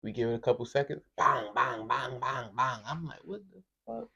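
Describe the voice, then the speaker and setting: A young man from Brooklyn, telling a wild story on a podcast in a casual, profane, animated way. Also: mid-range voice, normal speed, highs cut off. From Brooklyn, New York. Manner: animated, profane, acts out voices in quotes.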